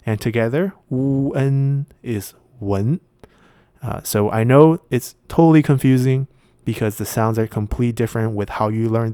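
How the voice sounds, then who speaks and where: A man's voice: on the low side, a little mellow, no echo, clean studio sound. Man patiently explaining step by step. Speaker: video essay host. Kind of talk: explanatory lesson.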